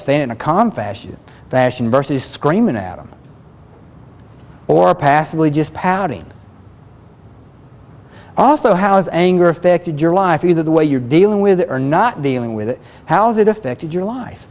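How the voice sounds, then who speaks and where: A man's voice: a little high, expressive, normal speed, a little mellow, long reverb tail. A man giving a spoken self-help lesson as a relationship counselor, earnest and plain-spoken, often repeating himself.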